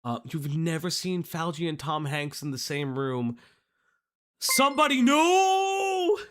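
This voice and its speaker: Young man, livestream host, casual rambling, swears a lot, high-pitched. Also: normal speed, noisy background. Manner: rambling, profane, many fillers and restarts.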